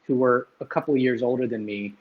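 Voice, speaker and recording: A man's voice: mid-range voice, steady tone, quick pace. A man hosting a livestream, rambling casually and swearing now and then. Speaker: livestream host. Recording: dull lo-fi sound.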